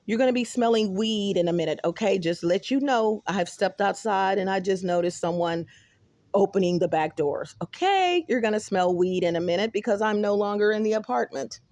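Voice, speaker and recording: Excitable Texan woman vlogging, gravelly. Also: mid-range voice, moderate pace, no room sound. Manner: animated, excitable, talks to viewers as y'all. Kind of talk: rambling casual vlog. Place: apartment and stairwell, indoors. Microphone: phone camera held close.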